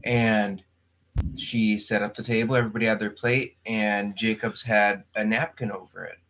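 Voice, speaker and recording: A man with a lowish voice chats casually and fills in the details of a story others are telling. Faint noise sits under the recording. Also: fairly even intonation, moderate pace, a bit bright. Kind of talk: casual chat.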